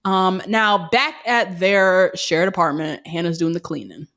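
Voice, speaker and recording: A woman's voice: on the low side, a little slow, fairly bright tone. Woman co-host, candid recap chat. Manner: candid, profane, recapping with sarcastic asides. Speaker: podcast co-host.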